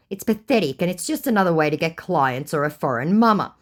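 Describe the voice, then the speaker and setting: A sarcastic Australian woman recounting a chat with a scammer, mocking him as she reads her replies. Her voice sits low for a woman but swings widely in pitch. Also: lively intonation, fairly quick, few pauses. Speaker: scam-baiter narrator. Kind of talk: reading out chat messages.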